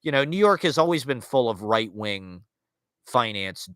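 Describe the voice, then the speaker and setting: A man with a bright, forceful voice talks in a loose, wandering monologue, circling his points with fillers and restarts. The sound is dry and close, with no room around it. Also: mid-range voice, lively intonation, normal speed, no echo. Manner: rambling, filler-heavy, restarts, wry asides. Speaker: podcast host. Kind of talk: casual monologue on literature and culture.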